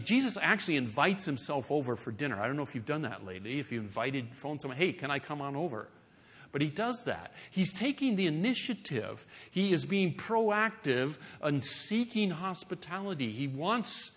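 A middle-aged man preaching a sermon in a conversational, animated way, with playful asides. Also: fairly high pitch, slightly rough. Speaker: pastor.

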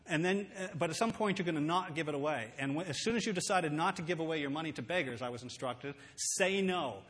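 A man preaching a sermon, earnest and emphatic, slowing down to read scripture aloud. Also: on the high side, animated, a bit bright. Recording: long hall reverb.

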